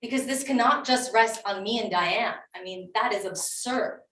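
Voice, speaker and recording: A woman's voice: a little high, moderate pace, a bit bright. Insistent woman at a town meeting. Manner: emotional, insistent, with many restarts. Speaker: township committee member. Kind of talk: speaking at a public council meeting. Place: municipal meeting room. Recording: echoey room, distant mic.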